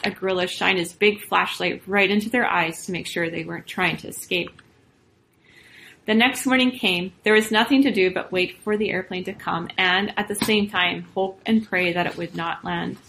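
Woman storyteller reading a children's story aloud, expressive delivery. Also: mid-range voice, a little hiss or hum, rough recording.

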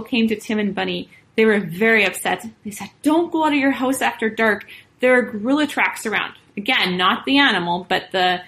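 A woman reading a children's story aloud as storyteller, expressive and lively. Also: mid-range voice, creaky, low-quality recording.

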